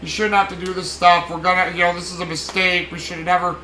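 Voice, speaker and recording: A man's voice: high voice, little pitch movement, fast talker, sharp tone, reverberant, a little hiss or hum. A man putting on the voice of a whiny, cowardly male financier who keeps complaining. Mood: whiny panic. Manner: whining, complaining.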